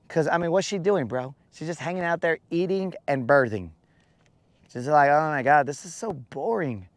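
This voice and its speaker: A man hosting a casual live stream, in his rough morning voice with a dry mouth, rambling playfully and calling his viewers bro. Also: fairly high pitch, no room sound. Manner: playful rambling storyteller, addresses chat as bro. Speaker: fishing stream host.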